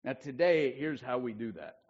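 A man preaching a sermon as pastor, chatting with the congregation and swinging from loud emphasis to hushed asides. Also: medium pitch, moderate pace. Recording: dull lo-fi church recording.

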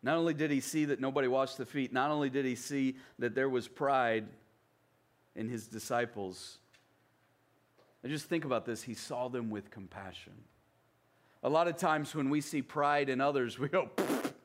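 A man's voice: mid-range voice, moderate pace. A man from the American South preaching a sermon in a conversational way, often checking in with his listeners. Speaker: pastor.

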